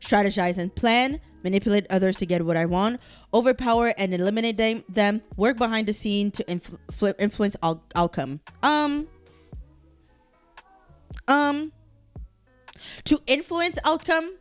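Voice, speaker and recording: A woman's voice: medium pitch, animated, a little slow, long pauses, clear, resonant tone, faint music behind. A woman hosting a casual solo podcast, talking animatedly and swearing as she reacts to quiz results. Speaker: podcast host.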